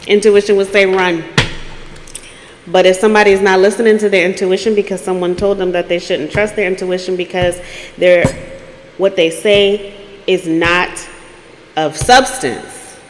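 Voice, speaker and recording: A woman hosting a storytelling podcast who acts out the dialogue in her story and swings between loud bursts and hushed asides. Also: mid-range voice, steady tone, normal speed, long reverb tail, slight background noise. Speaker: podcast host.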